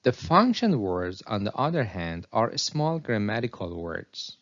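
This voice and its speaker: Slow, low-voiced man teaching pronunciation. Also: very animated, fairly bright tone, highs cut off. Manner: reads example sentences slowly and deliberately. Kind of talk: slow scripted lesson narration.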